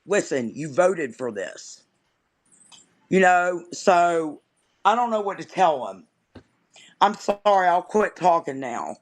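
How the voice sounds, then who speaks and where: A woman's voice: lowish voice, animated, a little slow, long pauses. A woman guest on a live stream, ranting in an angry, exasperated, vehement way. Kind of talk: impassioned ranting.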